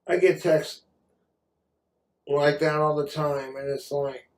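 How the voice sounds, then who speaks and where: A man's voice: on the high side, fairly even intonation, slow. Tipsy man ranting, profane and rambling. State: drinking, tipsy. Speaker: vlogger. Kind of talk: rambling casual rant.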